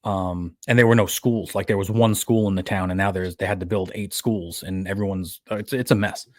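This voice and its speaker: A man with a New York accent speaks on a podcast in a loose, rambling way, often stopping and restarting his thoughts. His voice sits on the low side. The sound is close and dry, with no room echo. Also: steady tone, brisk. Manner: rambling, self-correcting storyteller. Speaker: podcast co-host. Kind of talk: casual chat.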